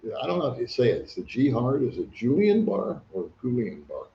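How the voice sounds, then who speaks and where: Reading viewer comments aloud, an older man chats on his casual livestream with a medium-pitched, sing-song, fast delivery. Echo from the room and dull lo-fi sound color the recording.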